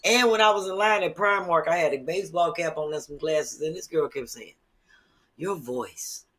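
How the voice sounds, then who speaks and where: A woman with a distinctive low voice, an animated storyteller chatting casually on a comedy podcast. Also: a little fast. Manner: animated storyteller, acts out other people. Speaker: comedian guest and regular.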